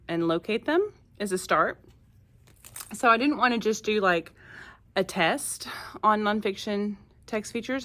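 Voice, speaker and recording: A woman teacher chatting casually in her classroom, rambling with frequent fillers. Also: mid-range voice. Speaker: first grade teacher.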